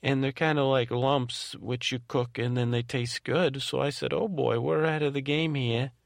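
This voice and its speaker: A man's voice: mid-range voice, fairly even intonation, normal speed, creaky, no room sound, clean studio sound, natural voice. A man playing Ray, a tenderhearted man who rambles and stumbles over his words in a bedtime monologue. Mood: tender. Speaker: podcast host in character.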